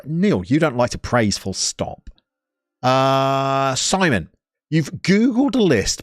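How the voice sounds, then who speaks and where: Lively, teasing West Midlands man in his forties. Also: on the high side, dry recording. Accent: West Midlands English. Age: 40s. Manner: jokey, teasing banter with viewers. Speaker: streamer reading live chat. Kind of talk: live stream chat.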